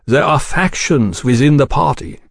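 A man's voice: mid-range voice, moderate pace, creaky, no echo, studio quality, pitched above the performer's own voice. A man voicing a bitter, aggrieved exiled revolutionary who speaks insistently.

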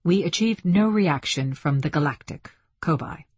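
A woman voicing a courteous male scholar who talks in a formal, measured way. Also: low voice, expressive, a little mellow, breathy edge, no echo. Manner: formal, polite.

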